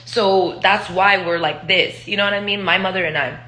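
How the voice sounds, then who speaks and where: A vlogger in her twenties from Israel tells personal stories in a loose, rambling monologue packed with fillers and profanity. Her mid-range voice is sharp, her intonation fairly even, and she talks at a normal speed in an echoey room.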